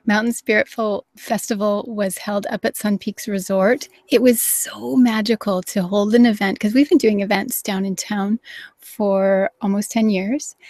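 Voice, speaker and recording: Host: middle-aged woman, gushing live-show chat, gravelly low edge, dry close sound. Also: darkish tone, no echo. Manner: enthusiastic, gushing, acts out quotes. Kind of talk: live wellness show conversation.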